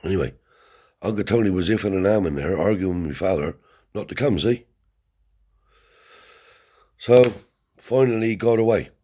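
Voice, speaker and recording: A man with a very low, husky voice tells a rough-edged tale from his past. He talks bluntly and swears freely, seated as he spins the story. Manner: blunt, swears heavily, animated yarn-spinning. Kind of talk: casual spoken storytelling. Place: seated indoors.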